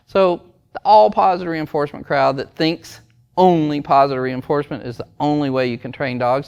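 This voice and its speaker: A man's voice: medium pitch, smooth. A man, a dog trainer, ranting to camera in a blunt, emphatic, preachy way. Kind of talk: opinion rant to camera.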